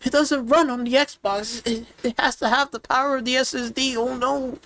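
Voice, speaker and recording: A squeaky, whimpering console fanboy, as a man puts him on to mock him. The fanboy's voice jumps well above his usual pitch, and he sounds sarcastic and overdramatic. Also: fairly even intonation, moderate pace, pushed and bright, a little hiss or hum, exaggerated voice. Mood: mock-whining. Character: whiny mocking male console fanboy.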